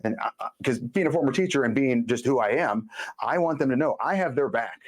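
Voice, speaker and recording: With an expressive, mid-range voice, a man on a podcast as a guest chats casually, telling stories bluntly and with emphasis and breaking off for brisk asides.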